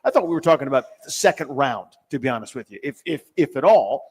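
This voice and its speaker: An American man co-hosting sports radio, easygoing and quick to banter. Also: mid-range voice, animated, a little mellow, breathy edge, long reverb tail.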